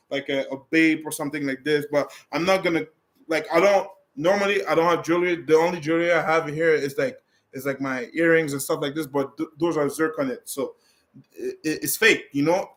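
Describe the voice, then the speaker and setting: A man's voice: a little high, a bit bright. A man vlogging in a casual, rambling way as he answers viewer questions, talking bluntly with many restarts and fillers. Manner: blunt and direct.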